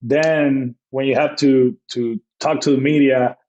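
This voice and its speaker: A man in the middle register tells baseball stories on a podcast. His talk is loose and rambling, stacked with fillers and repeated starts. He breaks into quick acted-out dialogue as he tells it. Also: mid-range voice, fairly even intonation, darkish tone, dull audio. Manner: rambling anecdotes with many fillers and acted-out quotes. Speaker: baseball manager, podcast guest. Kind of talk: casual storytelling interview.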